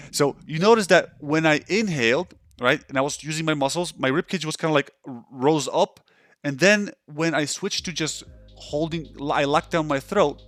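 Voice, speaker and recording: A man's voice: medium pitch, a bit bright. A male counselor giving a loose, conversational instructional talk over a webcam, often checking in with his listener. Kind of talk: instructional explanation.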